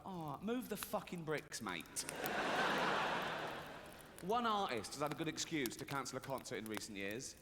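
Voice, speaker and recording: Comedian guy, sweary and sarcastic, kinda high voice, big arena echo and crowd noise behind. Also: sing-song, normal speed, pauses often. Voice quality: profane, sardonic delivery. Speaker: stand-up comedian. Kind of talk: stand-up comedy routine. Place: large concert arena stage. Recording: arena recording with long reverb and audience noise.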